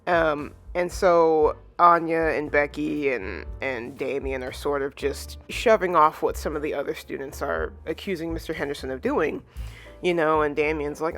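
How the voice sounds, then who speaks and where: A casual manga reviewer retelling a chapter at a mid-range pitch, leaning on lots of "you know" and "like" fillers. Characters' lines get acted out briefly inside the retelling. Faint music plays softly behind. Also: moderate pace.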